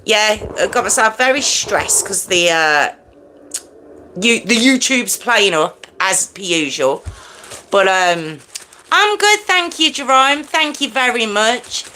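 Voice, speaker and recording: A woman's voice: mid-range voice, lively intonation, takes it slowly, a little hiss or hum. A woman hosting a true crime livestream, chatting casually with viewers and greeting them by name, with a slightly wheezy chest. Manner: chatty, greets viewers by name, self-described loud and hyped.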